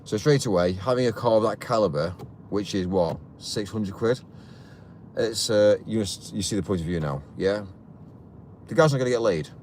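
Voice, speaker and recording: A man's voice: on the low side, normal speed, darkish tone, a little hiss or hum. A man hosting a live stream from a vehicle, ranting heatedly and repeating himself. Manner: heated, indignant, repetitive ranting.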